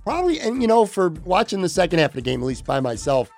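A man's voice: high-pitched, huge pitch swings, fast talker, creaky, darkish tone, soft background music. Man losing his voice, casual chat. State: losing his voice after being sick. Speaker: podcast host.

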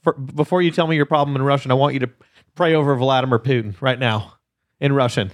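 A man hosting a podcast, teasing callers with deadpan jokes in casual chat. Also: medium pitch. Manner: deadpan teasing, quick asides. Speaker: podcast host.

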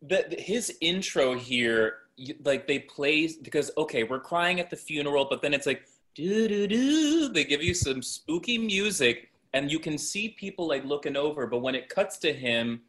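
A man co-hosting a podcast, joking about a film in casual chat with quick asides. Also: a little high, animated, bright, forceful tone. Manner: jokey, chimes in with quick asides. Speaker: podcast co-host. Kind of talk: casual movie recap chat.

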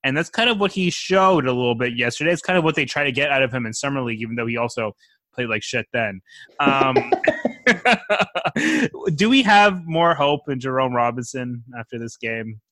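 Bright-voiced man on a dry mic. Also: mid-range voice, a little fast, no echo. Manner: casual, blunt, joking. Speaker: basketball podcast co-host. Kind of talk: casual chat.

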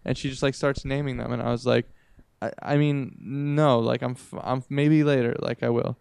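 A man's voice: mid-range voice, fairly even intonation, normal speed, creaky, darkish tone, smooth, no echo, clean studio sound. A young man co-hosting a podcast, telling rambling stories in casual chat and acting out what other people said. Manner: rambling storyteller, acts out others' lines. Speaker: podcast co-host.

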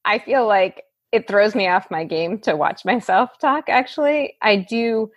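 A woman guest on a podcast panel talking in a lively, easy way. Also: mid-range voice, a little slow, lo-fi sound. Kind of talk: casual podcast discussion.

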